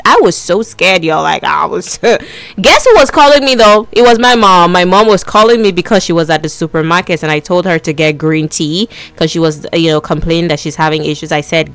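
A woman's voice: on the low side, animated, fairly quick, dry recording. A young woman hosting a midday radio show, chatting playfully and speaking straight to her listeners. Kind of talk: casual radio chat.

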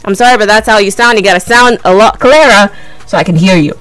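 A young woman hosting a call-in radio show, talking in a brash, teasing, energetic way. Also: mid-range voice, fast talker, no room sound. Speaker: radio host. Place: radio studio. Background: faint music.

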